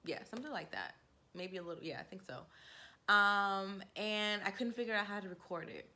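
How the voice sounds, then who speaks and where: A woman's voice: medium pitch, moderate pace. A woman in her forties casually telling a personal story to camera, candid and laughing, acting out what people said. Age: 40s. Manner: candid, laughing, animated quoting. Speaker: vlogger.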